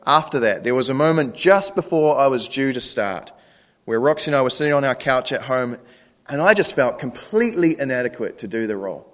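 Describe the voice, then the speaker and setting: A man, a pastor preaching a sermon in a conversational way, often asking rhetorical questions. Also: mid-range voice. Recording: long reverb.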